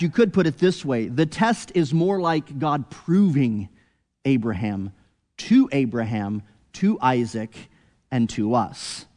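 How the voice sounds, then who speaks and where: A man preaching an expository sermon, earnest, rising to emphatic peaks and then dropping low and quiet. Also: big-room sound.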